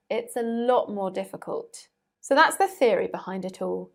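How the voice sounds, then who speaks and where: A young woman giving a recorded English pronunciation lesson, saying each example word slowly and carefully. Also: mid-range voice, a little mellow. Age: young adult. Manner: slow, deliberate, carefully articulated examples.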